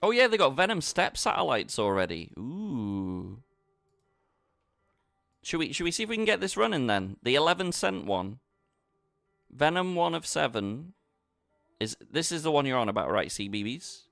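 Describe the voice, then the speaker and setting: A man's voice: fairly high pitch, sing-song, normal speed, gravelly, long pauses, a bit bright, dry recording, studio quality, faint music behind. A man chatting casually with his viewers while he plays online poker, bantering and talking to the chat. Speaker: poker streamer. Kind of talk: casual live-stream commentary.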